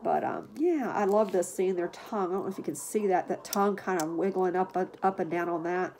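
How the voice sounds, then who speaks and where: A woman with a lowish voice narrates while she tends to puppies. She chats casually to viewers and coos gentle baby talk at the dogs, with faint household noise behind. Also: fairly quick. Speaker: dog breeder.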